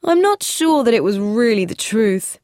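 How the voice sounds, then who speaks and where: A woman's voice: on the high side, sing-song, normal speed, a little mellow, dry recording, studio quality, pitched above the performer's own voice. A woman voicing a brash, cheerful younger brother who talks in a breezy, mocking way.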